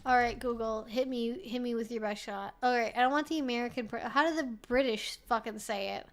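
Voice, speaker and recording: A high-pitched woman talks casually to her live-stream viewers as she answers their questions. She is loose and chatty, swears freely and uses "like" often. She laughs easily between her remarks. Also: fairly even intonation, a little fast.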